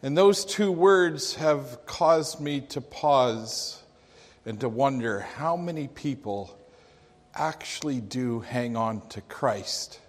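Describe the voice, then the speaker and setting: A male preacher delivers his sermon at an unhurried, measured pace, building from a personal story to a string of rhetorical questions. His voice sits at an ordinary middle pitch. A long, lingering reverb trails every phrase, as in a large room.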